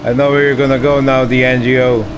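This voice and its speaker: A man streaming a retro driving game, excitably talking to the game and getting frustrated as he plays. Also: medium pitch, a little fast. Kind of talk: live gameplay commentary. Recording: noisy with game car sounds.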